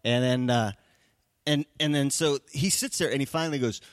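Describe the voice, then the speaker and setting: A man from the San Francisco Bay Area, a comedian, telling anecdotes on a podcast in a lively, animated way. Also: mid-range voice, normal speed, clean tone, no echo, clean studio sound. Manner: animated, tells anecdotes with put-on voices. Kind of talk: storytelling on a podcast.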